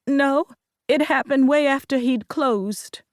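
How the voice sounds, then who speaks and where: A woman's voice: high voice, slow pace, no room sound, studio quality, voice pushed up. A woman narrator voicing a distraught young wife who pleads in a tearful, raised voice.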